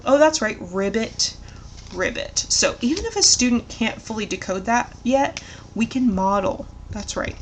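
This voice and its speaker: A woman tutor explaining a literacy lesson in an encouraging way, asking leading questions and modeling words slowly. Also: a little high, slight background noise. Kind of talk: instructional tutorial.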